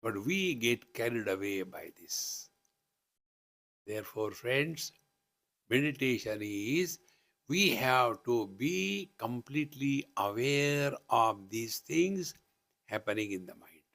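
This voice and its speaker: A man's voice: mid-range voice, lively intonation, takes it slowly, creaky, fairly bright tone. Indian man giving playful spiritual talk. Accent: Indian English. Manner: playful, teasing asides and chanting. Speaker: spiritual teacher. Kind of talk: live spiritual discourse. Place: retreat hall.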